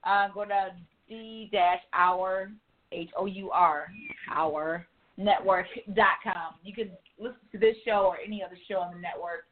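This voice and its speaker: A woman hosting a casual talk radio show, loud and emphatic, laughing and swearing freely. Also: medium pitch, unhurried. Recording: tinny phone-line sound.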